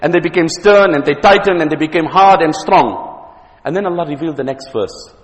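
Fast-talking South African preacher in a hall. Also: male voice, a little high, animated. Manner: anecdotal, joking, with repeated words. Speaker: Islamic preacher. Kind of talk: religious lecture.

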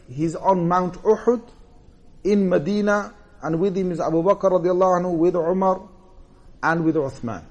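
A man preaching a sermon, telling prophet stories with emphatic, animated delivery and rhetorical questions to his audience. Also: fairly high pitch. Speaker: Islamic preacher. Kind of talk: sermon storytelling.

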